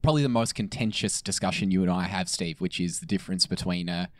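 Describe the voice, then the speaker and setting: Man, podcast host, probing questions, low pitch, dry room. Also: fast talker, no room sound. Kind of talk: casual podcast interviewing.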